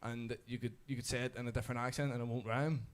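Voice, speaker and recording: A man's voice: medium pitch, fairly even intonation, quick pace. A young man, chatting casually in a radio studio and explaining at length, with many restarts and fillers. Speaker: rapper guest.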